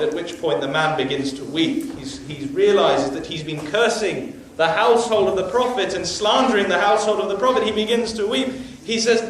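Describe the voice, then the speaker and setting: A high-voiced male preacher tells his story with steady emphasis. His voice booms around a large, very echoey hall and sounds distant from the microphone. A faint hiss lies underneath. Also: moderate pace, hardly any pauses. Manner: emphatic storytelling with religious phrases. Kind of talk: storytelling sermon.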